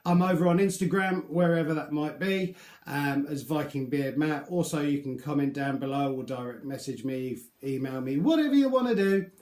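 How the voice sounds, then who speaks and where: A man's voice: medium pitch, little pitch movement, normal speed, darkish tone. A man chatting casually through a beard product review, rambling and joking about himself. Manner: chatty, rambling, self-deprecating. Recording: echoey room.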